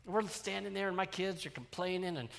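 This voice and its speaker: Bright-voiced pastor in a reverberant hall. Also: male voice, high voice, a little fast, creaky. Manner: animated, swings from loud exclamations to hushed asides. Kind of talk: storytelling sermon.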